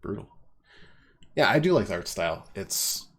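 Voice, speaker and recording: A man's voice: low voice, big pitch swings, moderate pace, husky. A man with a stuffy nose giving casual, wry let's-play commentary, thinking aloud as he plays. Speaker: game streamer.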